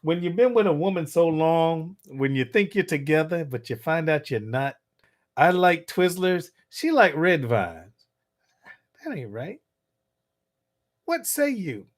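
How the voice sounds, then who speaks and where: A middle-aged man chatting on a livestream in a voice that sits a little high. He reads out viewer comments and answers them with crude, joking banter. He breaks into laughter often. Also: big pitch swings, a little slow. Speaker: livestream host reading chat. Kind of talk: casual livestream chat.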